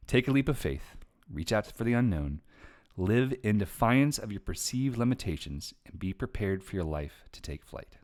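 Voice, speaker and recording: A woman author and show host at home, reading her book aloud on a live stream and chatting between passages, earnest, quick, and quick to laugh. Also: very deep voice, expressive, a little mellow.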